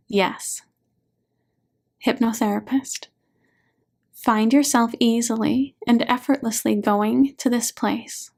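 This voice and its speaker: A woman narrating her own audiobook in a gentle, measured voice. She reads slowly, her pitch sitting a little high. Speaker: author and hypnotherapist narrating.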